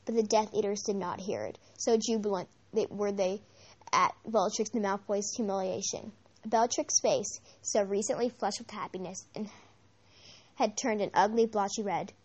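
A woman narrating a novel aloud in an amateur reading, measured, with occasional slips and restarts. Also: medium pitch, husky, lo-fi sound. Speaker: audiobook reader.

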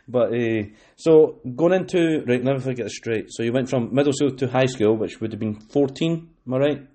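With a West Lothian Scottish accent, a podcast host chats casually in a mellow, mid-range voice at normal speed. He tends to ramble, often restarting and leaning on filler words.

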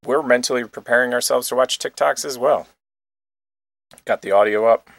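A man's voice: mid-range voice, normal speed, vocal fry, no echo. A man co-hosting a casual online show, reacting to clips with wry jokes. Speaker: podcast co-host. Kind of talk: casual chat.

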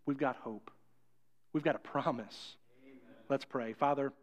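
A man's voice: medium pitch, a little slow. A male pastor preaching a sermon in a conversational, storytelling way.

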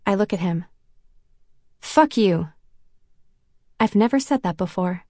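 A woman's voice: medium pitch, fast talker, warm tone, no echo, clean studio sound. A woman reading a novel in first person, with a self-conscious, wry inner voice. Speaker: audiobook narrator. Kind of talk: first-person audiobook narration.

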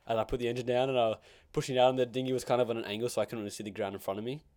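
A man's voice: mid-range voice, little pitch movement, racing, a little mellow, no echo. Giggly rambling man, casual chat. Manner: rambling, giggly, many fillers.

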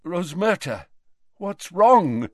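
A man's voice: sits high, very animated, drawn-out words, no room sound, studio quality, pitched above the performer's own voice, heavily acted. A man doing a frail, commanding old wizard.

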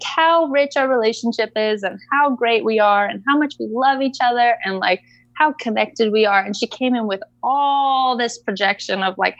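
A woman's voice: mid-range voice, a bit bright, no echo. Chatty woman coach telling a story. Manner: chatty, many fillers like "like". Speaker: equine coach guest. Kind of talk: storytelling in a casual interview.

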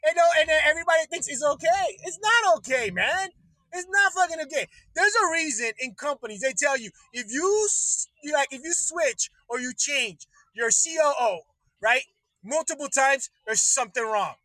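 A man's voice: extremely high pitch, lively intonation, normal speed, bright, forceful tone, no echo, rough recording. A man hosting a livestream, ranting casually with lots of swearing, restarts and laughter. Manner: profane, rambling, laughs often. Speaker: livestream host. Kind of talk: casual political rant.

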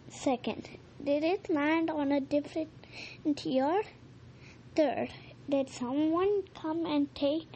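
A woman reading a children's storybook aloud, halting now and then with slips and rereads. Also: high voice, warm tone, highs cut off, slight background noise. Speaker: reader.

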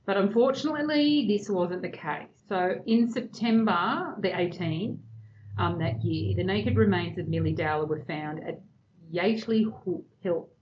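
Woman podcast host, low voice, subdued casual case-telling, lo-fi mic. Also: unhurried. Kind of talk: casual true-crime podcast chat. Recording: dull lo-fi sound with faint noise.

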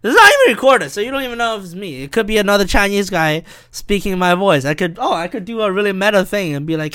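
A man's voice: high-pitched, fast talker, hardly any pauses, sharp tone, clean tone. A young man hosting a solo podcast, rambling and swearing, often cutting himself off mid-sentence. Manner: rambling, profane, self-interrupting. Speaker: podcast host.

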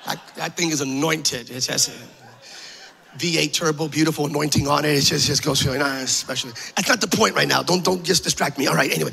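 A man preaching a sermon with passion, repeating phrases, joking in asides and building up to shouts. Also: fairly high pitch, creaky, breathy edge.

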